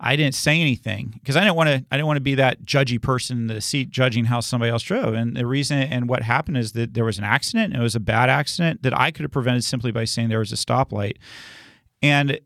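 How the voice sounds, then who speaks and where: A man's voice: medium pitch, fast talker, a bit bright, dry recording, clean studio sound. A man co-hosting a Christian discussion podcast, talking earnestly and acting out quoted speech. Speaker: podcast co-host.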